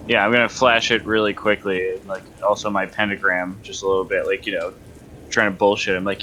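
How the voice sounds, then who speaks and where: A man's voice: low-pitched, little pitch movement, brisk, sharp tone. A man playing a tabletop role-playing game, casual and wry, half in character. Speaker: player.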